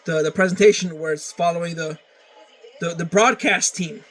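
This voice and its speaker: A man's voice: fairly high pitch, fairly even intonation, moderate pace, a bit bright, low-quality recording. A man ranting casually to camera, often stammering and repeating words, with plenty of swearing. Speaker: vlogger.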